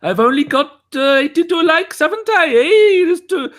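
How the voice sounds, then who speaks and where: A shrill, pushy mock-Welsh ranter, put on by a man in a podcast joke pitches far above a normal speaking voice and yells with cartoonish bossiness. The delivery is loud, over-the-top and played purely for laughs. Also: expressive, normal speed. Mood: mock demanding. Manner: shouting, over-the-top, jokey. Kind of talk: comic impression on a podcast.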